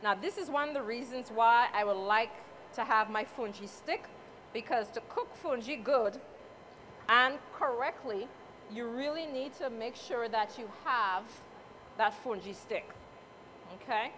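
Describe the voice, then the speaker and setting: This Saint Croix native, with her Crucian Caribbean accent, keeps up friendly banter with a live audience in an event hall while demonstrating a dish. She talks at a measured pace in a higher, slightly bright voice. There's a faint hiss or hum on the recording.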